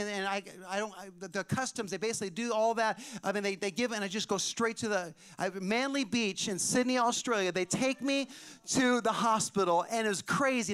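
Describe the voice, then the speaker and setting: Very high-voiced, smooth-toned male preacher. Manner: animated, building to shouted high points. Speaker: pastor. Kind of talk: storytelling sermon.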